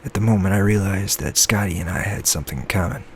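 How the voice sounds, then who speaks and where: A man reading his own novel aloud in a soft-spoken ASMR style, slipping into whispers now and then. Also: quick pace, creaky. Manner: soft, low-key reading that slips into whispers. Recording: lo-fi with faint background noise.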